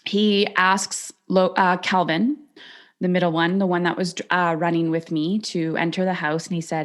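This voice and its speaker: A woman's voice: lowish voice, fairly even intonation. Earnest woman telling a personal story. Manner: reflective, earnest, slows down on emphatic phrases. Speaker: podcast host.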